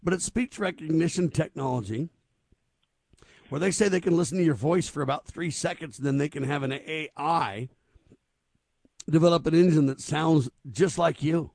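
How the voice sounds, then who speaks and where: A man's voice: on the high side, moderate pace, gravelly, darkish tone, dry recording, studio quality. A man hosting a talk show, chatting casually and joking as he puts questions to his co-hosts.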